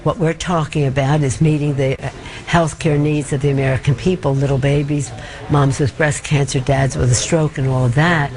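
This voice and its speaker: Older lady politician, low voice, chatty press remarks. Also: steady tone, moderate pace, a little mellow, low-quality recording.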